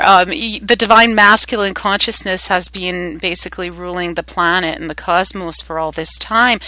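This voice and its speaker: A woman's voice: on the low side, pushed and bright, no room sound, poor audio. A woman with a Canadian accent hosting a spiritual talk, rambling with many filler sounds. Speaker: spiritual host.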